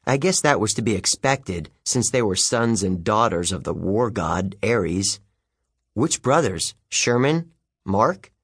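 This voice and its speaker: A man's voice: on the low side, a little slow, hardly any pauses, breathy edge, dry recording, clean studio sound. A man narrating a children's audiobook in the first person, with a wry storytelling manner. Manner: lively, wry storytelling with youthful character voices.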